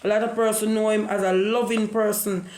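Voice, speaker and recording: A woman's voice: medium pitch, little pitch movement, a little fast, darkish tone. Jamaican woman vlogger, repeats herself as she preaches, recorded in a room with echo. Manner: repetitive, preachy storytelling. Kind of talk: casual monologue.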